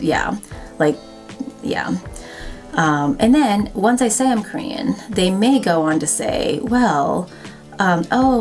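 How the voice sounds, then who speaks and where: Low-voiced woman vlogging over faint music. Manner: conversational, wry, lots of "like" fillers. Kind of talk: casual talking-to-camera vlog.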